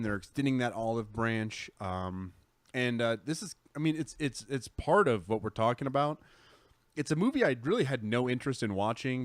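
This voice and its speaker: A man in casual chat on a live gaming show, talking at a middle pitch. He rambles, restarts and circles back on himself with easy enthusiasm. His voice is recorded close and dry. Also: dry recording. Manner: rambling, self-correcting, enthusiastic. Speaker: podcast co-host.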